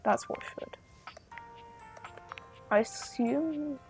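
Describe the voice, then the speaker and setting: A woman's voice: sits high, extremely slow, darkish tone, faint music behind. A woman streamer giving joking, teasing and crude commentary while playing a game. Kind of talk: casual gameplay commentary.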